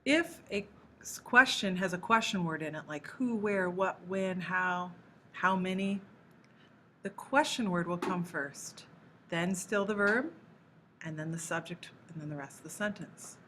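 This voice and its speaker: A woman teaching a recorded language lesson, explaining patiently step by step and slowing down to model example phrases. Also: lowish voice, a bit bright, slight background noise. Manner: slows down to model Spanish phrases. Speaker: Spanish teacher.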